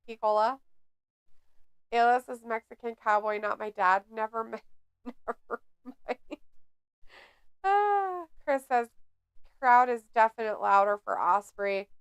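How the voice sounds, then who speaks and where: A woman's voice: on the high side, a bit bright, clear, resonant tone, no echo. A woman hosting a casual wrestling watch-along, chatty and laughing often as she reads out the chat. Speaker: watch-along stream host reading chat.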